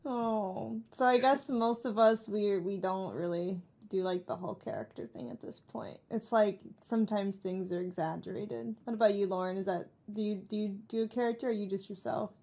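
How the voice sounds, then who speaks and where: A woman hosting a casual podcast chat, lively and asking the others questions. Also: medium pitch, normal speed, gravelly, hardly any pauses. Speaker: podcast host.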